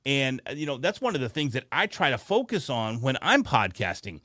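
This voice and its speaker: A man's voice: medium pitch, big pitch swings, brisk, pushed and bright, dry recording, studio quality. A man co-hosting a casual podcast, speaking in an earnest, coaching way about voice technique. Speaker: podcast co-host.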